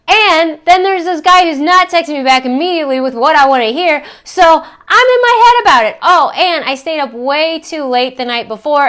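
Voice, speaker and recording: A woman's voice: high-pitched, a bit bright, clear, resonant tone. A middle-aged woman coach talking frankly and reflectively about her own struggles, with casual swearing. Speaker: self-help coach. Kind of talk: candid personal vlog talk.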